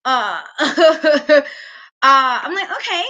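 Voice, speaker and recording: A woman's voice: high voice, lively intonation, a little fast, pushed and bright, lo-fi sound. A woman hosting a wrestling talk show, giving casual, opinionated commentary in an emphatic, ranting way and laughing often.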